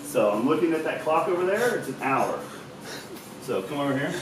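A man's voice: a little high, sing-song, normal speed, background noise. Chatty man in an echoey room. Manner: loose and chatty, swears casually. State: slightly out of breath. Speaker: fitness vlogger. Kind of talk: casual instructional talk. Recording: echoey room, mic at a distance.

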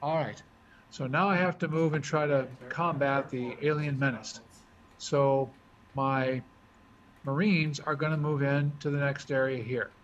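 A man talking through his moves as he explains a board game, thinking out loud in a casual way. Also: mid-range voice, steady tone, measured pace. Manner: chatty, thinks aloud while moving pieces. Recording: dull lo-fi recording with faint hiss.

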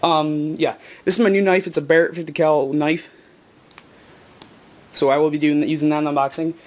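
A teenage boy, out of breath and excited, rambling with lots of ums and self-corrections in a casual unboxing vlog. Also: on the high side, fairly quick, a little hiss or hum. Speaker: gaming video maker.

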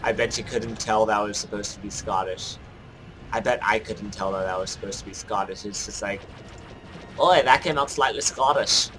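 A man giving casual let's-play commentary, joking at his own mistakes and thinking out loud as he plays. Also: lowish voice, level tone, fairly quick, background noise. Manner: jokey, self-mocking, thinks aloud while playing. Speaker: gameplay commentator.

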